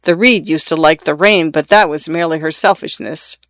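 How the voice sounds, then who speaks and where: A man's voice: on the high side, normal speed, a bit bright, no echo, clean studio sound. A man voicing a fussy little male swallow. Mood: prim. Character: fussy, self-important small male swallow.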